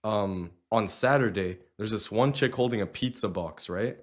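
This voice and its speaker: A man's voice: fairly low pitch, normal speed. A man telling a story to the camera in crude slang, blunt and dismissive.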